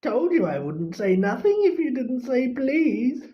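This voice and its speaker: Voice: high voice, big pitch swings, a little slow, pitched above the performer's own voice. A reader voicing a mischievous male poltergeist who taunts in a singsong voice, in a slightly muffled recording. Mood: taunting.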